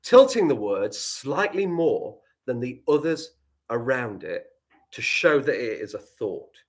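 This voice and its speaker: An English man leads a live writing lesson for young children. His voice sits mid-range and swings up and down a lot as he plays with examples. He slips into quieter asides between the teaching points. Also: medium pitch, slow. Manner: animated, playful, dropping to quiet asides. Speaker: primary school teacher.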